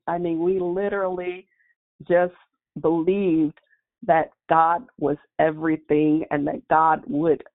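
A woman sharing a personal faith testimony, telling her story in an earnest, heartfelt way. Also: fairly low pitch. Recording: tinny phone-like line.

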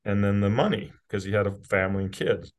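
Here the rural Utah CEO, a middle-aged man, talks fast in a fairly low voice with fairly even intonation. As a podcast guest in a candid interview, he stays blunt and casual and swears from time to time.

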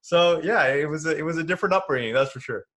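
A man from Canada who coaches men in business, speaking as a podcast guest in a relaxed, conversational way. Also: fairly high pitch, fast. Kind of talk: podcast interview.

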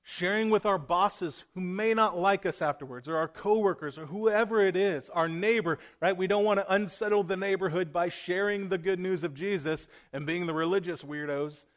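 A man preaching to his congregation in a church room. His voice sits a little high for a man. He is earnest and plain-spoken, and he presses his listeners to act. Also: moderate pace, hardly any pauses. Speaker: pastor. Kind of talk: sermon.

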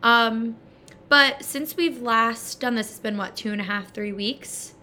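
A woman's voice: fairly high pitch, measured pace, sharp tone. A young woman co-hosting a casual podcast. She rambles, giggles and uses lots of fillers. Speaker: podcast co-host.

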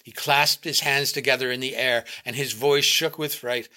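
Man reading a story, bright tone. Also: mid-range voice, steady tone, moderate pace. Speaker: reader.

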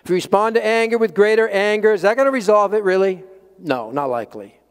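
A man preaching a sermon as pastor, emphatic, swinging between loud peaks and quiet low lines. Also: expressive, fast, smooth. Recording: long hall reverb.

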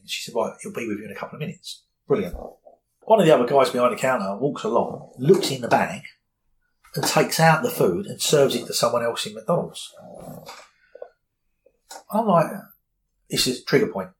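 A middle-aged man with a slightly low voice tells a personal story in an interview, candid and rambling, with lots of fillers and restarts. The recording is low quality, with faint ambient noise behind him.

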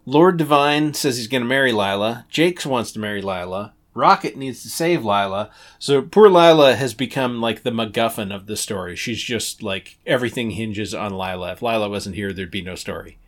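A man's voice: lowish voice, normal speed, hardly any pauses. A man in his forties hosting a comics podcast, chatting casually, laughing often and swearing now and then. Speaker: podcast host. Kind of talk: casual chat.

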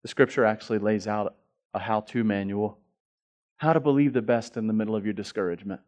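A male pastor delivering a sermon, moving from quiet reflection to loud, fervent passages and acting out inner voices and prayers. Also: lowish voice, brisk. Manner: swings from quiet reflection to loud, rising passion.

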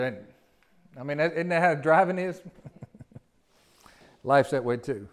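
High-voiced pastor preaching. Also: male voice, takes it slowly, long pauses. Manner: folksy preaching with rhetorical questions. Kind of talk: sermon.

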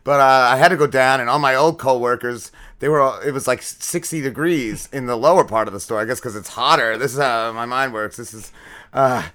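A man chatting casually on a podcast, his voice bright and forward. He tells a long, rambling story, full of swearing and fillers. His pitch sits in the middle of the range. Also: brisk. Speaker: podcast co-host. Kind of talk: casual chat.

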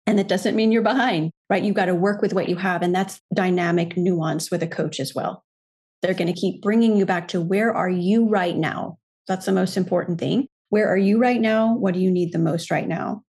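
A woman who works as a coach, a podcast guest speaking in a thoughtful, earnest and measured way. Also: on the low side, a little mellow, breathy edge. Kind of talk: reflective podcast conversation.

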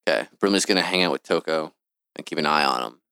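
Man, tabletop player, planning, deep voice, fast, dry close sound. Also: bright, forceful tone, smooth, no echo. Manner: planning, organized. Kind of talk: casual chat at a game table.

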